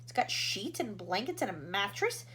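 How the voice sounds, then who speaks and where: A woman's voice: medium pitch, sing-song, normal speed, fairly bright tone, a little hiss or hum. A woman voicing an eager, polite male astronaut addressing his superior.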